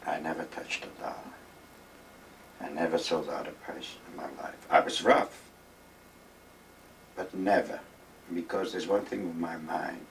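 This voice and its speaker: Low-voiced older man telling old stories. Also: fairly even intonation, a little slow, gravelly, long pauses, far from the mic, slight background noise, poor audio. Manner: rambling, emphatic, acts out quoted dialogue. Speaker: interviewee. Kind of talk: reminiscing storytelling. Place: retirement village home.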